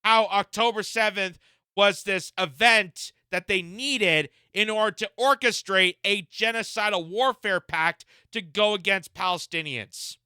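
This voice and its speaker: Indignant guy reacting to a clip, high clear voice. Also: a little slow, bright, forceful tone, no room sound, clean studio sound. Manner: indignant, emphatic. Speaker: political commentator. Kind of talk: reaction commentary.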